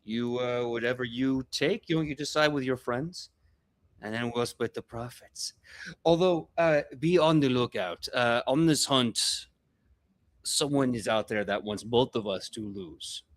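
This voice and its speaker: A man's voice: medium pitch, a little slow, lightly acted. A man voicing a scheming, greedy male goblin gang boss who talks in a wheedling, persuasive way. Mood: sly.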